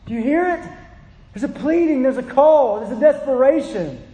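High-voiced impassioned male preacher. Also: lively intonation, moderate pace, dull audio. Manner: impassioned, pleading, acts out quotes. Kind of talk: sermon. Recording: echoey hall.

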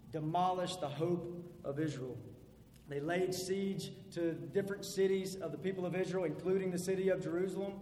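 A man preaching an expository sermon, emphatic, building to loud peaks and then dropping low. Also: a little hiss or hum. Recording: echoey hall with long reverb, faint ambience.

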